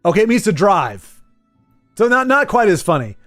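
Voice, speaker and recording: A man's voice: sits high, sing-song, moderate pace, fairly bright tone, soft background music. A man chatting casually on a live game stream, rambling, joking and correcting himself as he goes.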